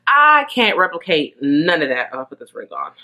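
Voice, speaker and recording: Young woman vlogger, low voice, lively swoops, rambling casual chat. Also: normal speed. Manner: chatty, rambling, laughs often. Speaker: beauty vlogger.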